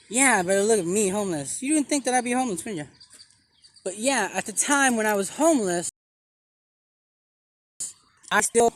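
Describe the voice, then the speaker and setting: Male comic street preacher: slow, drawn-out delivery, bright forceful tone, theatrical pauses. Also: sits high. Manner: theatrical, dramatic pauses, repeats phrases. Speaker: self-styled street preacher. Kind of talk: comic vlog sermon.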